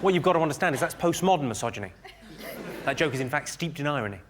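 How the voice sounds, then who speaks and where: A British man performing live stand-up, delivering one-liners in a dry, deadpan way on a comedy stage. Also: fairly high pitch, very fast, a crowd in the background. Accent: British English.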